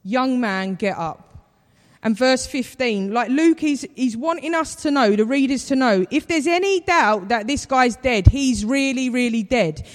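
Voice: sits high, expressive, normal speed, few pauses. A preacher giving a sermon in a conversational, storytelling way. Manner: conversational storytelling, acts out quoted voices. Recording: long reverb of a large hall.

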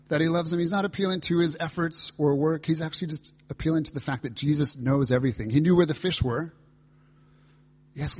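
A man's voice: a little high, darkish tone, husky. A man pastor preaching a reflective, earnest sermon, reading and voicing scripture dialogue as he explains it.

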